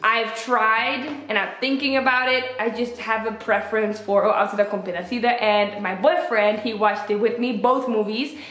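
A young adult woman chatting casually as a vlogger, animated and expressive as she retells things. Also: moderate pace, few pauses. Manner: chatty and animated, acts out quotes with pitch jumps. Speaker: vlogger reviewing a film. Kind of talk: casual chat. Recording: echoey room.

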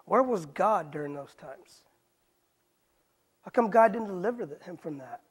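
Male pastor, Bible study sermon, husky, breathy, casual slang, rhetorical questions. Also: high voice, expressive, normal speed.

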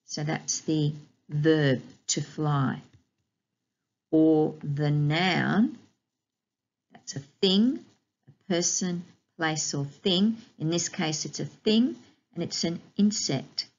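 A woman teaching a recorded phonics lesson to young children, giving slow, clear, encouraging instructions and drawing out each sound. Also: sits low, a little mellow, muffled recording. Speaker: primary school teacher.

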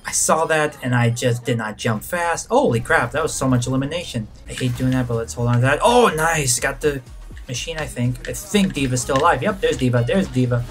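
A man giving excited live commentary on his own gameplay, reacting loudly to the action and muttering to himself between moments. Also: mid-range voice, normal speed, faint music behind. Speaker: gaming channel host.

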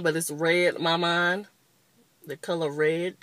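A woman's voice: on the low side, fairly even intonation, slow, a bit bright, no echo. A woman in her twenties giving a casual, rambling makeup review, openly annoyed and chatty. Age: 20s. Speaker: beauty vlogger.

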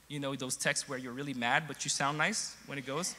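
A male pastor telling a humorous story in a sermon, animated, swinging from quiet asides to loud emphasis. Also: medium pitch, fairly quick, few pauses. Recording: long hall reverb.

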